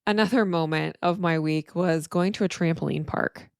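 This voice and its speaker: A woman's voice: on the low side, normal speed, creaky, smooth, no echo, clean studio sound. A middle-aged woman therapist hosting her podcast alone, talking candidly and emotionally with frequent restarts. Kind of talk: reflective solo podcast monologue.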